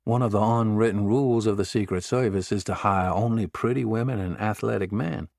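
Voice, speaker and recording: A man narrates a thriller audiobook in a measured, dramatic read. His voice sits low with a gravelly texture, and the recording is dry and close. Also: a little mellow, dry recording. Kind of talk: scripted narration.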